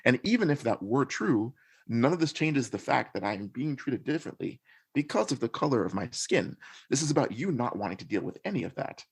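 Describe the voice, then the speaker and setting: A man's voice: mid-range voice, very animated, brisk, creaky, breathy edge. A man talking as a podcast guest, earnestly recounting his experiences in a reflective, conversational way. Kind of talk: conversational storytelling.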